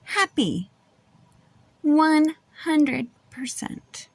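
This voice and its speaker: Lady doing storytime, sing-songy and bouncy, really slow pace. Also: high-pitched, dry recording. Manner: sing-song, animated read-aloud delivery. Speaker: storytime reader. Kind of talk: reading a children's picture book aloud.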